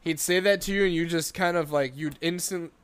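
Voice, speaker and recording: Man, smooth clear voice, casual podcast chat, rambling stories, acts out quotes. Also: on the high side, fairly even intonation, fairly quick, dry recording.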